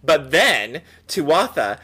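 A podcast co-host in casual chat, enthusiastic and quick with jokes. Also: mid-range voice, very animated, bright, forceful tone, husky.

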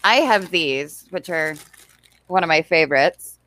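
A woman's voice: sits low, expressive, unhurried, fairly bright tone. A woman hosting a casual chat with friends, chatty and upbeat, laughing often.

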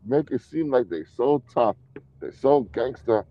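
In a casual podcast chat, a co-host argues provocatively, repeating his points with rising heat and laughing at his own claims. His mid-range voice is unhurried, and the recording is muffled but free of echo.

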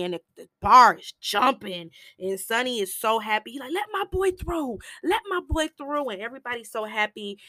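A woman hosting a podcast, giving a casual, chatty recap of a film with animated asides. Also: medium pitch, dry recording. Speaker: podcast host reviewing a film.

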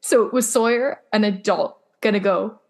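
A woman's voice: medium pitch, moderate pace. A woman co-hosting a casual podcast, talking emphatically and bluntly, swearing freely as she reacts to a TV episode. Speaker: podcast co-host. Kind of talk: casual chat recapping a TV episode.

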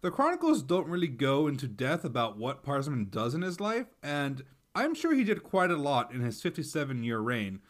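Lively wry male history podcast host. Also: medium pitch. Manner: wry, sarcastic asides. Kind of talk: scripted podcast narration.

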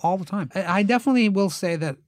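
Cercasi uomo ospite, narratore vivace con voce medio-alta e suono asciutto, ravvicinato. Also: male voice, sits high, quick pace, no room sound, clean studio sound. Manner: animated, acts out quotes in raised voices. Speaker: actor and writer, guest. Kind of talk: casual storytelling.

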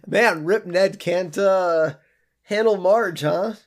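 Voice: medium pitch, takes it slowly. A podcast co-host in casual chat who laughs often and jokes about the episode.

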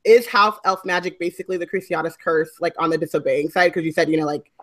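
A woman co-hosting a casual podcast chat, animated and joking, swearing freely. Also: on the low side, fast. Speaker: podcast co-host.

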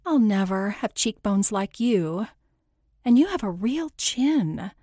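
A woman reading the part of a fretful, chatty friend who runs a dog daycare, in an audiobook, in a brighter voice. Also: medium pitch, expressive, slow pace, no echo, clean studio sound. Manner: chatty and self-deprecating.

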